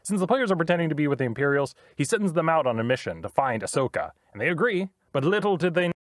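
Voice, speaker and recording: A man's voice: fairly high pitch, very animated, quick pace, no echo, studio quality. A man telling a comedic story about his tabletop game as the game master, playful and full of sound effects.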